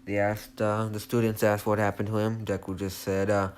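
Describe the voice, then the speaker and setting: A man's voice: fairly low pitch, a little fast, hardly any pauses. A young man casually retelling a fan story, rambling and hesitant with many restarts.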